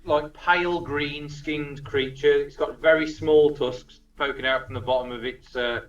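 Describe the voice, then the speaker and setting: A man's voice: a little high, steady tone, measured pace. A man narrating as dungeon master, chatty and casual, swearing freely. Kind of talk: narrating a tabletop game, casual. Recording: distant roomy lo-fi recording.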